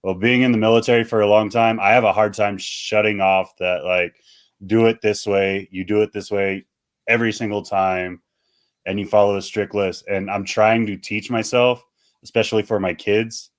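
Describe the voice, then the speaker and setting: A man with a low voice hosting a podcast in relaxed, profane chat. He talks bluntly and teases his guest, dropping swear words freely. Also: normal speed. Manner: blunt, teasing, swears often. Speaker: podcast host.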